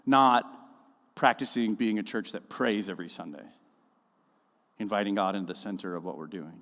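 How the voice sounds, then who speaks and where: A man preaching a sermon as a pastor, conversational and full of animated storytelling, in a church auditorium. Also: lowish voice, moderate pace. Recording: echoey church hall.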